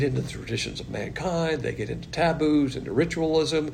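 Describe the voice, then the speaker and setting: A man's voice: a little high, a little fast, gravelly, a little mellow, slight background noise. A man teaching verse by verse from the Bible in a blunt, emphatic way, with mocking asides.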